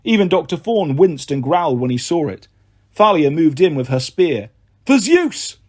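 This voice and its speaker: A male storyteller narrates a first-person adventure audiobook with lively, expressive delivery at a normal speed. His voice sits a little high and has a faint husky texture.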